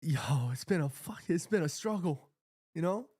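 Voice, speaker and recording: Guy streaming a footy watchalong from his apartment, kinda high voice, dry close mic, all fired up and emotional. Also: normal speed, slightly rough, no room sound. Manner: excitable, emotional, slangy fan talk. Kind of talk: live stream commentary and fan chat. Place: home apartment with neighbors nearby.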